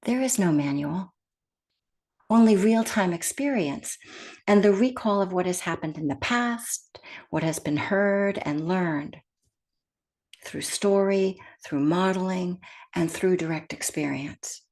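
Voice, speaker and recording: Slow, gentle woman meditation teacher. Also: lowish voice. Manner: gentle and soft-spoken, with hushed whispered phrases. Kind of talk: guided meditation talk.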